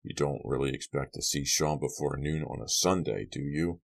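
A man voicing a middle-aged police lieutenant and father who speaks in a flat, matter-of-fact way. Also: rumbling low, moderate pace, creaky.

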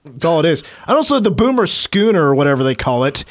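A man's voice: fairly high pitch, very animated, fast. A man from Kansas hosting a sports radio show, joking and opinionated as he counts down a list. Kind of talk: casual sports talk.

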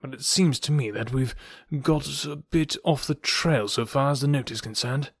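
A man's voice: medium pitch, normal speed, slightly rough, no room sound, studio quality. A man reading aloud and voicing a blunt, impatient young heir who talks plainly and directly. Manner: blunt, forthright, plain-talking.

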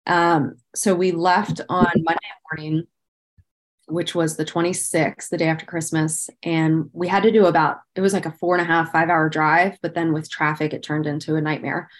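Her voice sits low and level as she speaks at a moderate pace. A woman in her thirties appearing as a podcast guest, she recounts painful memories candidly and earnestly, visibly emotional and relying heavily on "like" as a filler.

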